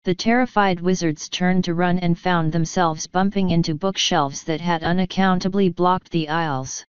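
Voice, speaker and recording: Female audiobook narrator, measured, lowish, crisp voice on a dull dry lo-fi recording. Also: darkish tone, no echo.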